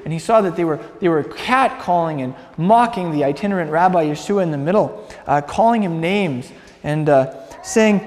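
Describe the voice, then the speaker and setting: A man's voice: on the high side, expressive, moderate pace. A man preaching, retelling a story earnestly with many restarts and repeated words. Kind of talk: sermon storytelling. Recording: long hall reverb.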